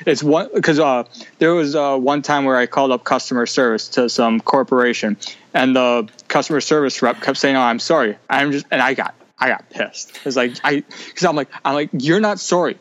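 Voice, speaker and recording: A man's voice: mid-range voice, fairly even intonation, moderate pace, fairly bright tone, dry recording, highs cut off. Chatty opinionated guy on a video call, rambling a lot, very dry sound. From United States. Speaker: guest. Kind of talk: casual video-call interview.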